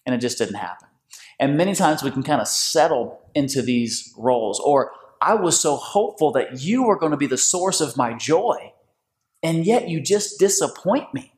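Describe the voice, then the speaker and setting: A man hosting a faith-based conversation, preacherly and animated, with big swings in pitch. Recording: echoey room.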